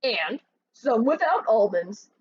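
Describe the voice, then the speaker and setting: A woman voicing a good-humored adult male truck driver who speaks calmly, in a slightly muffled lo-fi recording. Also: fairly high pitch, takes it slowly, slightly rough, heavily acted. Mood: laughing. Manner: calm, then roaring with laughter.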